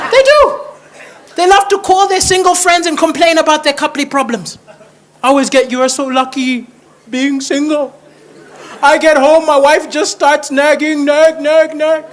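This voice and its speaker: A man from Malawi, doing a stand-up comedy set with animated, exaggerated punchlines. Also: very high-pitched, moderate pace, pauses often. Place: large theatre stage. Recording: roaring live audience, noisy stage mic.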